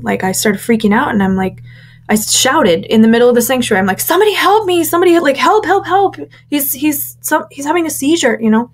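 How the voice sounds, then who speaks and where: A woman's voice: mid-range voice, a little mellow. A woman being interviewed, telling a personal story candidly with lots of fillers, acting out the voices of people she quotes. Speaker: interview guest, former church member.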